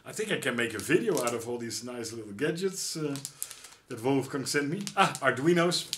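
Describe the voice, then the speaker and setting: A middle-aged man with a Dutch accent unboxing gifts in a casual vlog, exclaiming often with excitement. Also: mid-range voice, normal speed, a little hiss or hum. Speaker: YouTuber.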